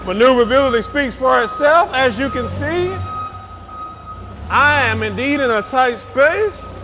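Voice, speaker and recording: A man's voice: very high-pitched, expressive, unhurried, music in the background. Hyped-up salesman whooping from a forklift. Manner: exuberant, hyped, repeats words, whoops. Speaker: forklift salesman demonstrating a lift. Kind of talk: enthusiastic product demo. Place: outdoors on a forklift. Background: faint outdoor and vehicle noise.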